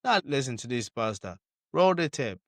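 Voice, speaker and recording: A man's voice: medium pitch, sing-song, normal speed, fairly bright tone, dry recording, clean studio sound. A man giving heated commentary on video clips, indignant and emphatic, repeating his points.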